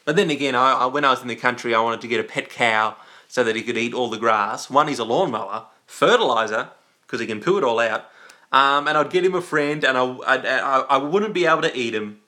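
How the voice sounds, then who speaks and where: A man's voice: medium pitch, brisk, sharp tone. A young man hosting a live stream, rambling and joking in a casual chat full of restarts. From Australia.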